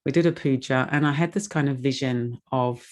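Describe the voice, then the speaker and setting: A woman's voice: a bass voice, fairly quick, a little mellow. A woman giving a heartfelt, rambling donation appeal in an online meditation session, emotional and close to tears. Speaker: speaker making a donation appeal.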